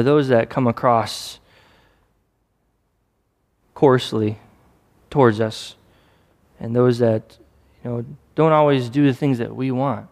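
A man's voice: mid-range voice, darkish tone. Man preaching in a reverberant hall. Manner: conversational preaching with acted-out asides. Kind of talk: sermon.

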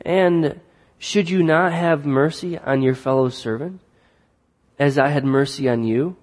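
A man's voice: a little high, measured pace, darkish tone, natural voice. A man reading out the words of a stern master rebuking his servant, in a long hall reverb. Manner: read aloud from scripture, firm.

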